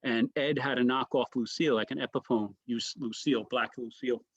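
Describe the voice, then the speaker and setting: Animated male comedian telling stories. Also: medium pitch, a little fast, slightly rough, muffled recording. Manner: animated storyteller, frequent restarts and "right?" asides. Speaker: comedian guest. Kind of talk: casual anecdote telling in an interview.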